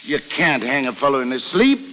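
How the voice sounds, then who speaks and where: An actor playing a pompous, flustered sheriff who stammers placating "now, now"s, in a 1930s radio drama. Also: male voice, mid-range voice, very animated, brisk, sharp tone. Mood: fussy, indignant. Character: pompous, flustered small-town male sheriff. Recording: hissy old broadcast with long reverb.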